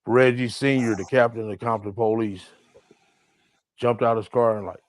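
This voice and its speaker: A man's voice: mid-range voice, normal speed, no room sound, low-quality recording. A man telling stories in an interview, acting out what others said with crude language. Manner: animated, acts out quotes, profane. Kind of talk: interview storytelling.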